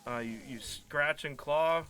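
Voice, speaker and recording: A man's voice: fairly high pitch, slow, pushed and bright. A man telling a long, frustrated story in casual live-stream chat as a card break host, acting out quoted dialogue. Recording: faint music behind.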